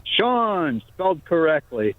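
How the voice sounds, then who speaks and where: A man's voice: on the high side, big pitch swings, slow pace, no room sound. A man calling in to a talk radio show to tell a joke. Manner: chatty joke-telling. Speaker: caller. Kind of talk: telling a joke on air. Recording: phone line.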